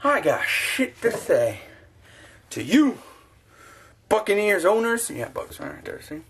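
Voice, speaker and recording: A man's voice: high voice, sing-song, slow, vocal fry, a bit bright. A man ranting in a profane, self-mocking sports vlog, talking to his own camera at home. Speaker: sports vlogger.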